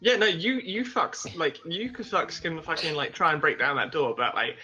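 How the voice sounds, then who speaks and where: Guy at a tabletop game, kinda high bright voice, swears a lot, laughs, dull lo-fi sound. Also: very animated, normal speed, soft background music. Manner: profane, laughing, rambling. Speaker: player. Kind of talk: casual tabletop game talk, describing his character's actions.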